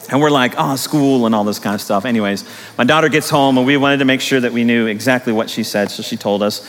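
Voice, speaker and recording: A middle-aged male pastor preaching a sermon, telling stories with animated, emphatic rises in his voice. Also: mid-range voice, moderate pace, a little hiss or hum. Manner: animated storytelling with rising emphatic peaks. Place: church sanctuary. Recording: long hall reverb.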